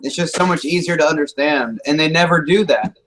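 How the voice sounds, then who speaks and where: A man's voice: a little high, a little fast, a bit bright, slight background noise, poor audio. A man co-hosting a casual TV recap chat, jokey and teasing, laughing often. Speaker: podcast co-host.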